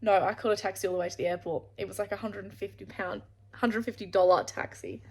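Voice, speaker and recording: Speaking fast in a medium-pitched, steady voice with a breathy edge, an Australian woman vlogs to camera. She rambles through a travel story, swearing freely and restarting sentences midway.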